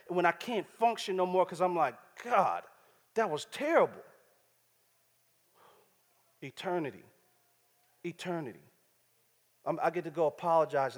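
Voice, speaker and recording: A man preaching a sermon, using casual street slang and checking in with the congregation as he talks. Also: fairly high pitch. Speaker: pastor. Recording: church hall reverb.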